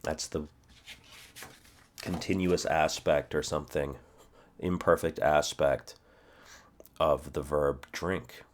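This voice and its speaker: A man in his forties teaching a self-study language lesson, thinking aloud, checking himself and repeating phrases slowly. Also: very deep voice, fairly even intonation, a little hiss or hum. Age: 40s.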